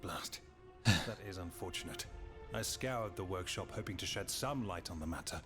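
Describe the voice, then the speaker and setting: A man's voice: deep voice, lively intonation, normal speed, over music. A man voicing a grave, formal aristocratic general in a video game cutscene, speaking in a stately way.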